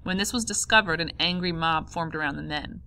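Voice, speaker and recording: Bright-voiced woman reading a memoir. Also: deep voice. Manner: calm, measured, first-person memoir reading. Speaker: audiobook narrator. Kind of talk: audiobook reading.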